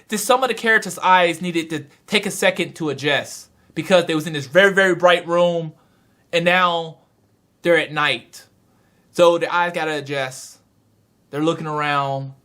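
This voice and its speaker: Brief: a male reviewer with a high voice, retelling a chapter like a storyteller. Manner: animated storytelling, excitable. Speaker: manga reviewer. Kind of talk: dramatic recap and review.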